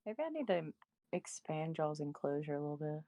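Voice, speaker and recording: A woman's voice: low-pitched, big pitch swings, a little fast, mellow. A woman chatting casually and playfully while playing a building game with friends. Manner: chatty, playful, echoes jokes. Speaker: co-player.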